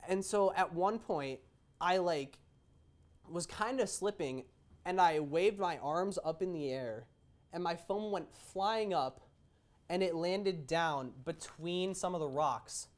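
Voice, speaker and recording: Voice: medium pitch, slow. Young adult rambling through a casual story. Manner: meandering, hesitant, stop-start telling.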